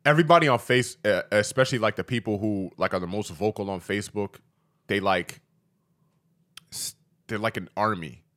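Young guy w a lowish voice, earnest, keeps stumbling and repeating words on a podcast. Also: normal speed, pauses often, fairly bright tone. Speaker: podcast co-host. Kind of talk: casual chat.

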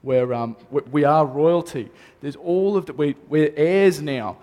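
A man's voice: a little high, unhurried, dull audio. A man, a pastor, preaching a sermon earnestly and repeating key phrases for emphasis. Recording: long reverb of a hall.

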